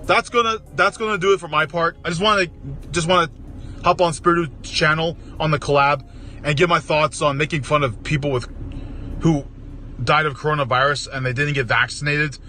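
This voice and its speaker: A man giving a heated, profane rant, repeating himself and rising in pitch as he gets worked up. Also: fairly even intonation, brisk, pushed and bright. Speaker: collab rant contributor. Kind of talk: angry rant.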